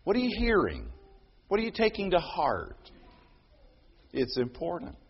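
A middle-aged man preaching a sermon. He moves between loud proclaiming and quiet, personal storytelling. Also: sits high, wildly swooping pitch, measured pace, husky. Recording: dull lo-fi sound.

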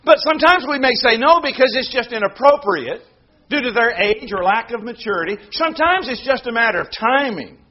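A man preaching a sermon, moving from quiet prayer announcements to loud, emphatic points. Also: very high-pitched, brisk, lo-fi sound. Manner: animated preaching, shifts between hushed announcements and loud emphatic delivery. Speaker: pastor.

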